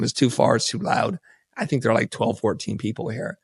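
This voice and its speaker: Male podcast guest, middle pitch, animated storyteller who acts out dialogue, dry close mic. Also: brisk, vocal fry, slightly rough, no echo. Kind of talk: casual storytelling.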